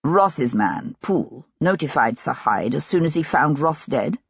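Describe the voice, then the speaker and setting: A woman's voice: low voice, animated, unhurried, gravelly, husky, no echo, voice pushed down, full character voice. A woman voicing a stern, determined male investigator who asks terse, probing questions, in a dull, dry recording.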